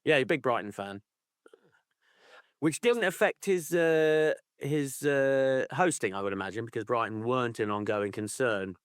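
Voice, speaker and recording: A man's voice: medium pitch, lively intonation, normal speed, clear, resonant tone, no room sound, clean studio sound. A man co-hosting a podcast in casual chat, playful and sardonic, with chuckling asides. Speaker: podcast co-host.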